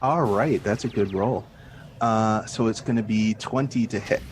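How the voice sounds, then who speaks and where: A man's voice: on the low side, a little slow. Easygoing man player on a noisy call. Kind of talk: casual tabletop play. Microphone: video call. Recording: noisy video call audio.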